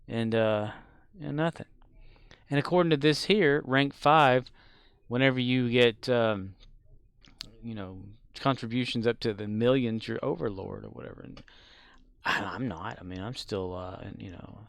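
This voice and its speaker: A man chats loosely while streaming a game, drifting from thought to thought and restarting his sentences. His voice is smooth and resonant. The sound is dry and close, with no room echo. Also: medium pitch, unhurried. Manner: rambling and offhand, with many fillers and restarts. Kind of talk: casual live-stream chat while gaming.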